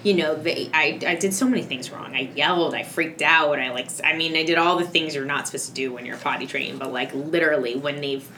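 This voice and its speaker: A woman's voice: low voice, a little fast, few pauses, noisy background. A woman, a mother of two, talking casually about parenting and rambling with lots of fillers and restarts.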